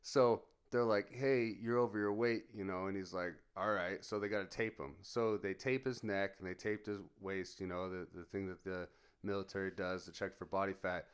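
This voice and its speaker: A man's voice: low-pitched, steady tone, normal speed, clear, resonant tone. A man in his forties telling army stories in casual chat, profane and laughing, acting out the quotes. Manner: profane, laughing storyteller who acts out quotes. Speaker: podcast co-host.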